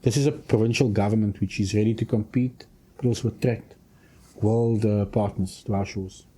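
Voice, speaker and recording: A man, a provincial minister giving a radio interview in long, measured policy statements. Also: on the low side, fairly even intonation, warm tone, husky. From South Africa. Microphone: studio microphone.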